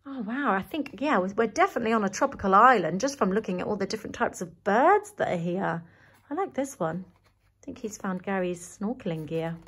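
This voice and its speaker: A woman teacher reading a picture book aloud to young children, animated and enthusiastic, often gasping in delight. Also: medium pitch, fairly quick, breathy edge.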